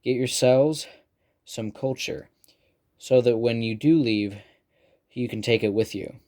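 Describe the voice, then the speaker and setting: A man's voice: mid-range voice, unhurried, mellow, natural voice. A man voicing a wheezing middle-aged male teacher lecturing his class in an audiobook reading.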